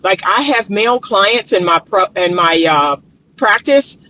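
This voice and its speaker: A man's voice: high-pitched, lively intonation, measured pace, sharp tone, poor audio. A male therapist with a groggy morning voice, recording himself outdoors on his phone and talking emphatically to his viewers. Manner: emphatic, repeats points, talks to viewers directly. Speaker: relationship therapist. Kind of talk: casual vlog commentary. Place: outdoors in the sun. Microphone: phone held or propped nearby.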